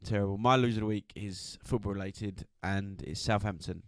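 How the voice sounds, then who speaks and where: A man co-hosting a football podcast, giving a steady roundup of results. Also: fairly low pitch, a little fast, no echo, studio quality. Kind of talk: casual chat and news roundup.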